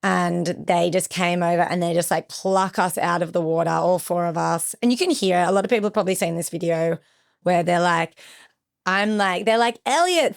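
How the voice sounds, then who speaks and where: A woman's voice: fairly low pitch, vocal fry, clear, resonant tone. A young woman recounting a personal ordeal as a podcast guest, with vivid retelling and acted-out quotes. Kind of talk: emotional personal storytelling.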